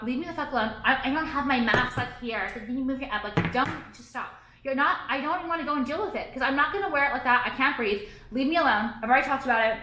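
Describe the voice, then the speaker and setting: A woman's voice: high-pitched, sharp tone. A woman in a profane, heated, sarcastic vlog rant. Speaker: vlogger. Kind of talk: ranting vlog monologue. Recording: echoey room.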